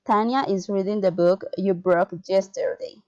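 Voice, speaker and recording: A woman reading English pronunciation and intonation drills aloud, word by word, in a slow, careful manner. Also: mid-range voice, steady tone, dark tone. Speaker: student. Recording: dull lo-fi sound.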